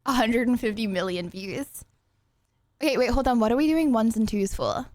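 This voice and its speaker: A woman's voice: on the high side, normal speed, a little mellow. A young woman streaming live, chatting casually and rambling to her viewers while she eats. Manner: rambling, chatty, talks to chat.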